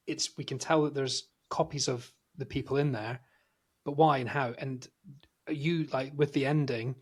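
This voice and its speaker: A man co-hosting a film review podcast, speaking at a medium pitch. He talks in an animated, casual way and swears freely while telling stories. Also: normal speed, slightly rough. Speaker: podcast co-host.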